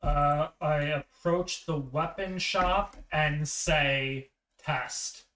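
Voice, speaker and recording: A woman playing in a tabletop game, terse and deadpan. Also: low voice, drawn-out words, reverberant, recorded from a distance. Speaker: player. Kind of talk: casual tabletop role-play.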